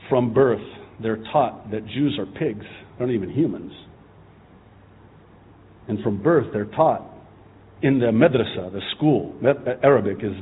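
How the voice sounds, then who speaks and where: A man's voice: fairly low pitch, a little hiss or hum. Impassioned preacher man, tinny sound. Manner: impassioned, rising to shouting. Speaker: pastor. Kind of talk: sermon.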